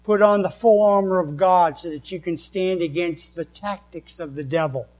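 A man with a New England accent, preaching a sermon and reading scripture verses slowly and deliberately. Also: high-pitched, a little mellow, poor audio. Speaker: pastor.

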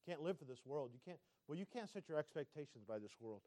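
A male pastor preaching a sermon, swinging between loud emphatic lines and quiet asides and asking the congregation direct questions. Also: fairly high pitch, lively intonation, fast talker, few pauses, no room sound, clean studio sound.

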